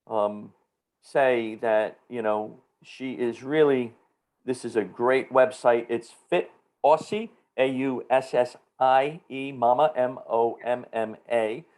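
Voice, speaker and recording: A man's voice: mid-range voice, slow pace, darkish tone. A man with a New Jersey accent hosting a podcast, talking in an upbeat, playful, enthusiastic way with his guest. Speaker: podcast host. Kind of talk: casual interview chat.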